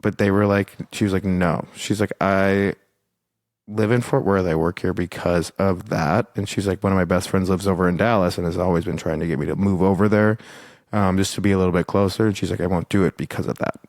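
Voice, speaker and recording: A man's voice: deep voice, fairly even intonation, brisk, darkish tone, no echo, studio quality. A young man co-hosting a podcast, telling a rambling casual story, full of "like" and swearing. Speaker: podcast co-host. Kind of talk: casual chat.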